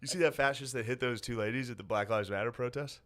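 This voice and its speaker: A man's voice: mid-range voice, fast talker, fairly bright tone. A man in his thirties co-hosting a casual comedy podcast, making dry sarcastic quips and laughing at his own jokes. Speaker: podcast co-host.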